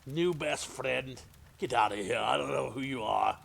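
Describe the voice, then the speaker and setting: A man voicing a gruff, bearded male prisoner who is surly and defiant. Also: medium pitch, normal speed, a bit bright, slight background noise, pitched above the performer's own voice, close to an everyday voice. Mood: dismissive. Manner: rough, snappish, dismissive.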